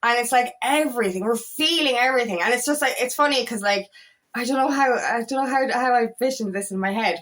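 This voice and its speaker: A woman's voice: on the high side, fast, a bit bright. A young woman coaching on spiritual growth in a casual, rambling way, tired and emotional, with many restarts and repeated words. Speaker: feminine empowerment coach. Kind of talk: casual spiritual talk to camera.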